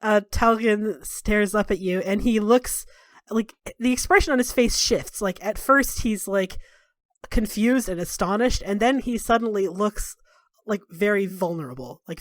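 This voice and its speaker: Woman running a tabletop game, chatty narration with lots of likes and uhs, middle pitch, dry room. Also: normal speed, no room sound. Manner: casual, filler-heavy narration. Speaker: game master.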